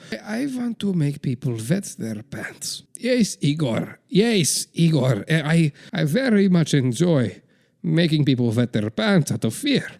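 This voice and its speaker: A man's voice: sits high, creaky, a little mellow, heavily acted. A man voicing an aging, bored strongman leader who coaxes a nervous aide with mock-sweet promises and gleeful cruelty, in a comedy sketch.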